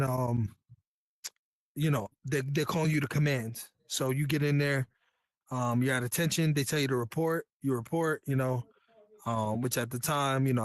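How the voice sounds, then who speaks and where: With a mid-range voice and a dry, echo-free sound, a Navy veteran from New York shares his story as a guest. He keeps it casual, earnest, and frank, leaning on slang throughout.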